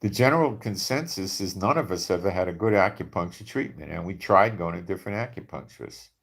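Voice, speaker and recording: Blunt, skeptical deep-voiced man. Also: expressive, fairly quick, creaky, a bit bright. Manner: blunt, skeptical, rhetorical questions; repeats for emphasis with frequent "okay?". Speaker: video commentator. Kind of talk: casual monologue to camera.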